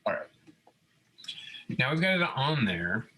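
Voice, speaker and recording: On a low-quality recording, a man with a mid-range voice speaks at a measured pace as he leads a computer design tutorial captured from his screen. He's a robotics instructor, relaxed and methodical, frequently asking listeners "okay?"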